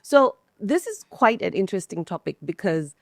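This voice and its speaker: A woman's voice: mid-range voice, very animated, normal speed, dry recording. Woman from nigeria, host, upbeat, asks questions, dry sound. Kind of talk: hosting a panel discussion.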